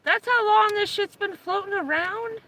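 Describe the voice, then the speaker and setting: A middle-aged woman chats casually on a live stream from a parked vehicle on a rainy day, telling stories and coaxing her dog in a raised voice. Her voice is extremely high-pitched, pushed and bright, at a moderate pace, and the recording is rough.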